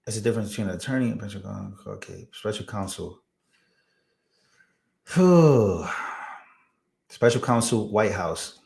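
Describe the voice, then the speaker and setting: A man's voice: lowish voice, vocal fry. Hispanic-accented man hosting a livestream. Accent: Hispanic-accented English. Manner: laughs at himself, stumbles over long words. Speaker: political livestream host. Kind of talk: casual livestream commentary.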